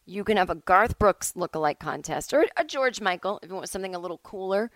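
A woman's voice: mid-range voice, animated, quick pace, dry recording, rough recording. Woman rambling through a solo podcast at home, chatty, keeps cutting herself off, dry close sound. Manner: rambling, chatty, self-interrupting. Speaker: podcast host. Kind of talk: casual solo podcast monologue.

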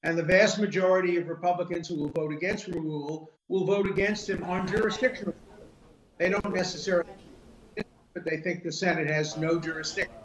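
A man's voice: sits high, fairly even intonation, brisk, a crowd in the background. An older man, a law professor, giving firm and emphatic legal commentary over a remote interview link, laying out his points one by one. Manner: firm, emphatic, lays points out in numbered order. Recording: roomy muffled remote audio with faint hiss.

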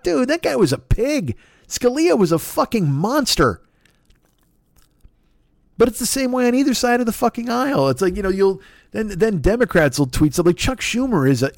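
A man hosting a podcast, delivering a profane, exasperated comedic rant in an animated, sweary way. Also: very high voice, fairly quick, creaky, no room sound, clean studio sound. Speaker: podcast host.

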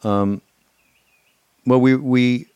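A man's voice: mid-range voice, fairly even intonation, very slow, darkish tone, clean tone, dry recording, lo-fi sound. A man co-hosting a casual chat, talking hesitantly with many fillers. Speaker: co-host.

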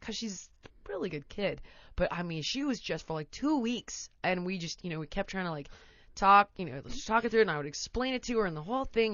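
A woman host telling a long story in casual chat, animated and often laughing, acting out her toddler in voices. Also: medium pitch, a little fast, dry recording, muffled recording.

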